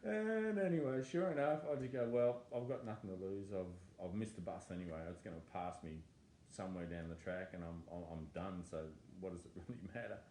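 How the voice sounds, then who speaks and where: Man, deep mellow voice, animated testimony, repeats words, echoey room. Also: brisk, a little hiss or hum. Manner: animated, self-interrupting, acts out his own thoughts. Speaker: testimony speaker. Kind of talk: personal testimony storytelling. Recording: echoey room with faint ambience.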